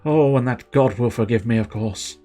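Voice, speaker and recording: A man's voice: mid-range voice, normal speed, warm tone, soft background music, close to an everyday voice. A man voicing a fed-up former town clerk in a video game, with a put-on Irish accent and a chatty, exasperated way of talking. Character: fed-up male former town clerk fleeing his life.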